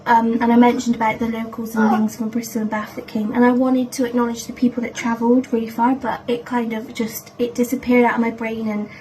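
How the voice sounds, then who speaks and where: A woman's voice: on the high side, flat delivery, brisk, hardly any pauses, mellow, low-quality recording. A woman in her thirties recapping an event in a vlog, emotional and gushing, rambling with restarts. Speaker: vlogger.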